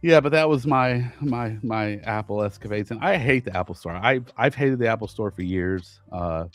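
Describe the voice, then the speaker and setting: A man co-hosting a podcast, telling a frustrating story in casual chat, animated and exasperated, often restarting his sentences. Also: lowish voice, normal speed, dry recording. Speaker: podcast co-host.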